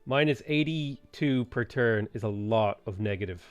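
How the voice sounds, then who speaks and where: Smooth-voiced male game streamer. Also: fairly low pitch, normal speed, no echo, lo-fi sound, soft background music. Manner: thinking aloud, relaxed, with frequent ums. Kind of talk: live gameplay commentary.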